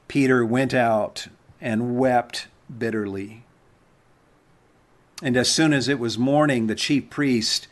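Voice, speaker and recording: Male scripture reader, unhurried and deliberate, mid-pitched voice, solemn service reading. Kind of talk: reading the Passion at a Good Friday service.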